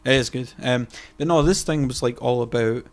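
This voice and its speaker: A man's voice: mid-range voice, normal speed. A man co-hosting a casual podcast chat, rambling with lots of fillers, restarts and casual swearing. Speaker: podcast co-host.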